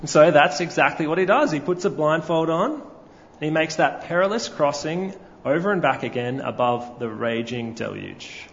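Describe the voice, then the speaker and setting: A man's voice: a little high, expressive, moderate pace, creaky, slight background noise. Man preaching in a reverberant hall. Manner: storytelling, asks the congregation questions. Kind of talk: sermon. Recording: lo-fi recording with long hall reverb.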